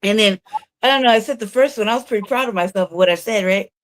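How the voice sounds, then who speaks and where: A woman's voice: medium pitch, fast, no room sound. Profane, laughing woman co-host. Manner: profane storyteller, laughs often. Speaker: co-host of a news talk show. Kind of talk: casual chat. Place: her own room.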